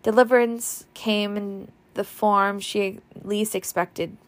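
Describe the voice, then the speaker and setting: A woman reading a novel aloud, expressive and changing her voice for the characters. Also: medium pitch, slow pace. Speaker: audiobook reader.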